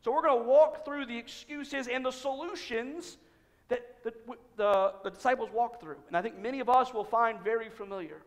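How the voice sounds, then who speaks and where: A male pastor with a notably high voice delivers a conversational sermon, acting out little quoted exchanges and sinking to near-whispers on key lines. His words ring out in a church sanctuary, trailing a long, echoing reverb. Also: normal speed. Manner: conversational preaching with acted-out quotes, dropping to hushed emphasis.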